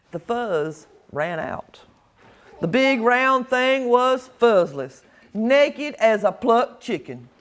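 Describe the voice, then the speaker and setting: Lively woman reading aloud. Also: high voice. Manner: expressive and playful, leading call-and-response. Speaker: children's librarian. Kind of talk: animated picture-book read-aloud. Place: library story room.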